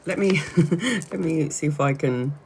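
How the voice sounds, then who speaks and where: A woman's voice: deep voice, measured pace, a little mellow, slight background noise. A chatty woman from Brazil hosts a casual livestream. She laughs often and keeps restarting her sentences as she talks. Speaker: tarot reader livestream host.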